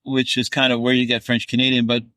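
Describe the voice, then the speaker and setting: A man co-hosting a podcast from a car, explaining things in a measured, casual way. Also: medium pitch, completely flat delivery, sharp tone, no room sound. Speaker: podcast co-host. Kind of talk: casual chat.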